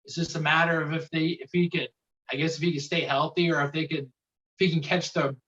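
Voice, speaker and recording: A hesitant man rambles through his wrestling thoughts with many restarts. His voice sits a little high and comes through a dull, lo-fi mic. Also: little pitch movement, quick pace, fairly bright tone. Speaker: podcast co-host. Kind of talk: casual wrestling talk.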